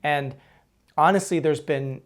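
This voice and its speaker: A man's voice: a little high, measured pace. A man hosting a podcast conversation, speaking casually and repeating words as he works into a thought. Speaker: host.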